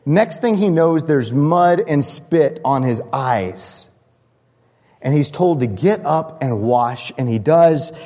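A man's voice: a little high, slow pace. Man preaching in an echoey hall. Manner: lively, builds to excited imagining, many restarts. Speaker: pastor. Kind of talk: sermon.

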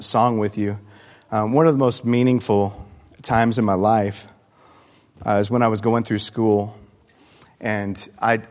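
A man preaching a sermon, earnest and conversational, often repeating words as he gathers his thoughts. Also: medium pitch. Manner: grows quiet and reflective in the second half.

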